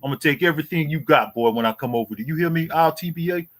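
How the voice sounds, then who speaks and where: On his boxing livestream, a man in his forties taunts a rival with a profane, looping rant full of "boy" and "you hear me." His voice is a little high and fast.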